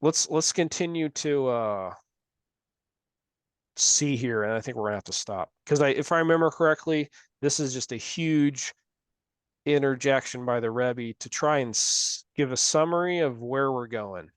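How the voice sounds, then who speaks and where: A man's voice: mid-range voice, normal speed, clean tone, no room sound. A man leading a group religious study discussion, talking earnestly and carefully, often correcting his own wording.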